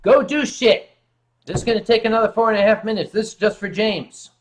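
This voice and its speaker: Brief: male stream host, high-pitched, playful and profane, chatting from his couch. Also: a little fast, a little hiss or hum. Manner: playful, joking, swears freely. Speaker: livestream host. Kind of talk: casual late-night livestream chat. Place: home sofa.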